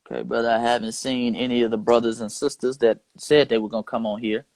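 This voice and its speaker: A man's voice: medium pitch, fairly even intonation, fast talker, darkish tone, dry recording. A man hosting a live stream, talking in an emphatic, repetitive and rhetorical way. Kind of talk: casual live stream talk.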